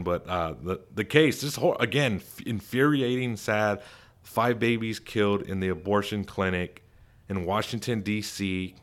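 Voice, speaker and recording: A man hosts his own commentary show in a fairly low voice. He talks in a casual, chatty way and puts strong emphasis on his opinions. He sounds animated and speaks freely. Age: adult father. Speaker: commentary host.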